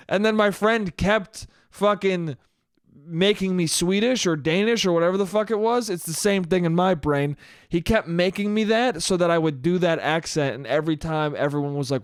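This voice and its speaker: A young man telling stories on his solo podcast, swearing freely and laughing at himself, in a slightly high, smooth and clear voice. The close mic gives a dry sound. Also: brisk, dry recording. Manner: animated, profane, self-mocking. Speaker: podcast host. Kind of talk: solo comedic storytelling.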